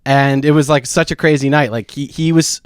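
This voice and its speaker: A man in his thirties co-hosting a podcast, telling rambling stories in casual chat, full of restarts and fillers, and sometimes shouting out quotes. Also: a little high, steady tone, a little fast, smooth, no echo, clean studio sound. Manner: rambling, many restarts and "like"s, acts out quotes loudly. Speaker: podcast co-host.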